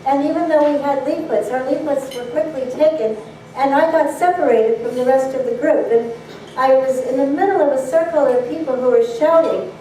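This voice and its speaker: Woman, earnest measured storyteller, mellow tone, echoey hall, distant mic. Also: high-pitched, slight background noise. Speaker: speaker. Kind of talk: public address, storytelling. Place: banquet hall.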